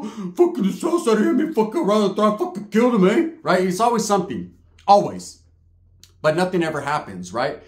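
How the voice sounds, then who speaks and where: A man's voice: sits high, reverberant. A middle-aged man telling a long street story, profane and streetwise, peppered with Spanish slang. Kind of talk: casual storytelling monologue.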